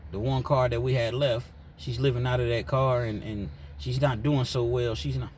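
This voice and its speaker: A man's voice: mid-range voice, steady tone, normal speed, darkish tone, slight background noise, pitched above the performer's own voice, close to an everyday voice. Guy doing a teen stepson spilling family news, worried and sincere. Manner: confiding, earnest. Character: earnest teenage stepson confiding bad news.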